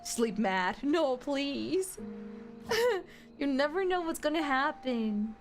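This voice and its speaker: A woman's voice: high voice, very animated, a little slow, faint music behind. A young adult woman streaming a game, chatting casually with her chat in a rambling, giggly way full of fillers.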